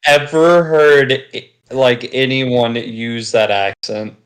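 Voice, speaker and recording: A man with a voice of average pitch joins a casual chat among friends. He drops in short, wry remarks. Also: fairly even intonation, slow.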